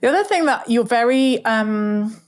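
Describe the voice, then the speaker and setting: A woman's voice: fairly high pitch, animated, normal speed. A woman from Southern England hosting an interview, asking reflective questions with small stumbles. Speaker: podcast host. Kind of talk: interview conversation.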